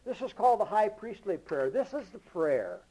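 A man preaching a sermon with emphasis, rising to loud declarations and dropping to low murmurs, reading scripture slowly and deliberately. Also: sing-song, poor audio. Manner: reads King James scripture slowly and deliberately.

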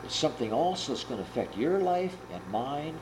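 A man preaching a sermon and retelling a parable with earnest, animated storytelling. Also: medium pitch, brisk, noisy background.

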